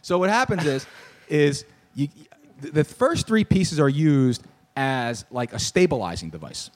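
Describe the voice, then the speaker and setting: A young man hosting a podcast, telling a story in casual sports-talk banter, animated, riffing and ranting with laughs. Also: on the high side, a little slow. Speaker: podcast host.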